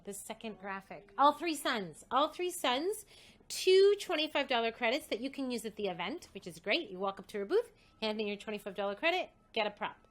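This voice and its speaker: A woman host excitedly reading out a list of prizes, coughing and short of breath. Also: a little high. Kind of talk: casual livestream announcement.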